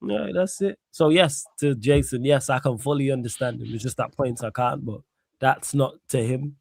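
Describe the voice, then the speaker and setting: A young man with a Manchester accent hosting a casual chat, slangy, teasing and quick to swear. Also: medium pitch, vocal fry, a little mellow, no room sound. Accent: Mancunian. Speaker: host.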